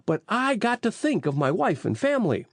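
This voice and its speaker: A man's voice: high-pitched, big pitch swings, moderate pace, dry recording, studio quality, voice pushed up, exaggerated voice. A man reading an audiobook, voicing a nervous, bumbling police detective. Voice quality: nervous and grumbling.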